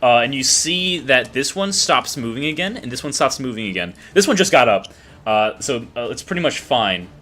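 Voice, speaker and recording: Guy running a tabletop game as gm, bright voice, lots of ups and downs, lots of uhs and ums. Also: mid-range voice. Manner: animated, halting narration with many fillers. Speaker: game master.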